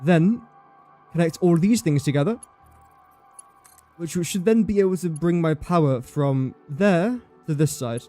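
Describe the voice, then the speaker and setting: A chatty young man streaming a building game, his voice pitched a little high but mellow in tone. He jokes about himself and bosses the objects he places around, over faint background music. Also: a little slow, pauses often. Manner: chatty, self-mocking, talks to objects while building. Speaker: livestreaming gamer. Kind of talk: casual game commentary.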